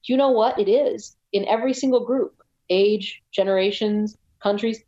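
An American woman telling a story as a guest in a casual interview, chatty and animated, with frequent restarts. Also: mid-range voice, normal speed, muffled recording. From United States. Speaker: guest, ultrarunner.

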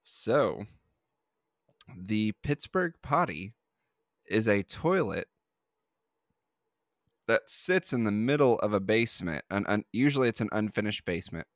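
Male podcast host, low voice, dry close sound, loose rambling delivery with fillers. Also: animated, a little slow, long pauses, no room sound. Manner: rambling, with many fillers and restarts. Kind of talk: casual podcast chat.

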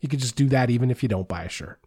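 A man's voice: medium pitch, lively intonation, rapid-fire, a little mellow, slightly rough. A man hosting a podcast, reading listener mail in casual chat with a dry, wry manner. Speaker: podcast host.

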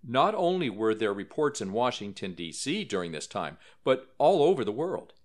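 A man's voice: medium pitch, sing-song, moderate pace. A man narrating a documentary-style story in a scripted, dramatic way, lifting his voice for quoted lines.

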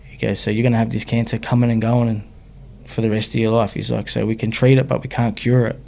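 Gravelly Australian man telling his story. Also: medium pitch, little pitch movement, quick pace, dark tone. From Sydney, Australia. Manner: frank, slangy, often adds "you know what I mean". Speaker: guest, rapper. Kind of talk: candid personal storytelling.

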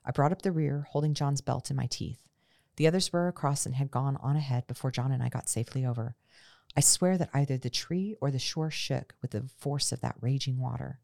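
A woman podcast host reading a travel memoir aloud in a steady storytelling manner, closing with a casual sign-off. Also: a bass voice, fairly quick, creaky, no room sound, clean studio sound.

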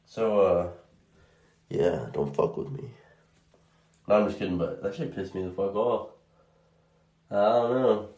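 A man's voice: lowish voice, unhurried, pauses often, warm tone, roomy sound. A man, a food delivery driver, telling a casual story with lots of swearing and exasperation, acting out both sides of the conversations. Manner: profane, exasperated, acts out both sides of dialogue.

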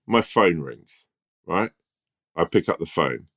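A man's voice: low-pitched, animated, slow pace, fairly bright tone. A man co-hosting a comedy podcast, rambling and swearing as he spins a story. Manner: rambling, swears, laughs often. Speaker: podcast co-host. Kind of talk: casual comedy chat.

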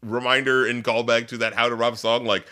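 A man's voice: medium pitch, little pitch movement, a little fast, bright, forceful tone. A man co-hosting a casual album review chat, slangy and loose, laughing often with many fillers. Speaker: podcast co-host.

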